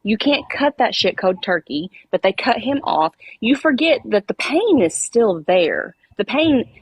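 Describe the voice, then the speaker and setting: A woman's voice: medium pitch, very animated, measured pace, breathy edge, no room sound, poor audio. Blunt, cursing woman, dry sound. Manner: blunt, profane. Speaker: panelist. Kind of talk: live-stream argument.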